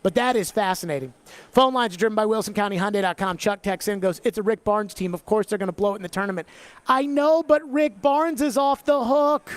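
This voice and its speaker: A man hosting a sports talk radio show, talking in an animated, chatty way. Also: high voice, a little fast, clear, resonant tone, no echo. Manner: animated, slips into an exaggerated Southern drawl for bits. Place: radio studio.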